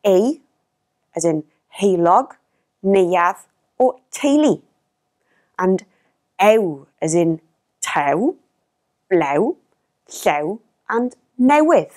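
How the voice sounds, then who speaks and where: A woman teaching a language lesson in clear, careful narration, modelling each pronunciation. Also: mid-range voice, very animated, extremely slow, pauses often, a little mellow.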